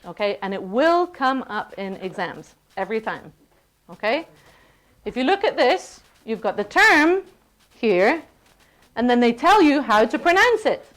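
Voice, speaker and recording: A woman with a slightly high voice teaches a university class, upbeat and playful. She keeps checking in with the students as she goes. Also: a little slow. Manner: lively, playful, checks in with "okay?" often. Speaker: lecturer. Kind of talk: classroom lecture.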